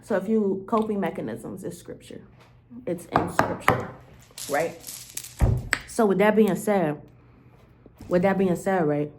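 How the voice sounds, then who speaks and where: A woman's voice: fairly low pitch, unhurried, pauses often, a little hiss or hum. A woman talking to the camera in a candid, rambling diary-style monologue, full of "like" fillers and casual swearing. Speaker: vlogger.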